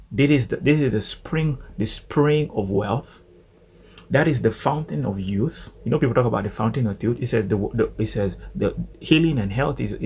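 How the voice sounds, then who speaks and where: Guy doing a bible study devotional, gravelly voice, animated, repeats stuff for emphasis. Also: medium pitch.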